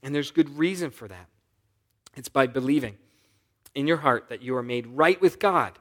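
Pastor preaching with loud urgent swings. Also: male voice, mid-range voice, expressive, normal speed. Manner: swings from soft asides to loud urgent appeals; reads scripture and voices the characters' lines. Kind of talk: sermon.

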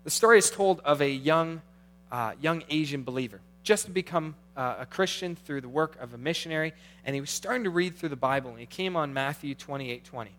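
Dynamic middle-aged pastor preaching. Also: male voice, on the high side, brisk, a little hiss or hum. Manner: dynamic preaching, swings from hushed to animated. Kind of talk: sermon.

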